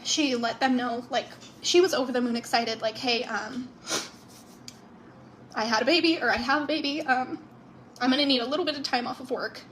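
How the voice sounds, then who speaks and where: Tearful woman, high voice, halting. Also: fairly even intonation, fairly bright tone, slight background noise. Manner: halting, many ums and apologies. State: tearful, crying. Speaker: sister telling a family story. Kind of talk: emotional social-media storytelling.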